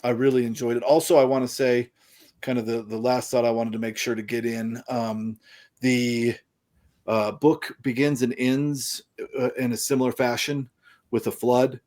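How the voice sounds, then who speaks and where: A man hosting a casual book discussion, thoughtful and musing, pausing to find his words. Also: mid-range voice, level tone, darkish tone. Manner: thoughtful, musing, trails off between ideas. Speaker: podcast host.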